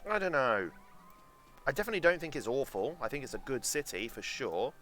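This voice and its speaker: A man's voice: mid-range voice, big pitch swings, a little fast, fairly bright tone, soft background music. A young man with a London accent, chatting casually and swearing freely while streaming a game and answering chat. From England.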